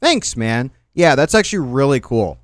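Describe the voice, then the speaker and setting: A man's voice: mid-range voice, normal speed, dry recording. A man hosting a livestream, ranting and joking in a casual, profane way. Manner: profane, animated, rambling rants. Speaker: livestream host. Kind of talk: casual stream commentary.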